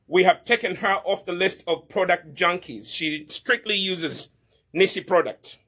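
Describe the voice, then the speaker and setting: A man's voice: high voice, moderate pace, fairly bright tone, slightly rough. A middle-aged man running a hair care demonstration, lecturing viewers and often asking "okay?" to check they follow. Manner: preachy, repeats questions like "Okay?" and "Do you understand me?". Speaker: hair care business co-owner demonstrating products.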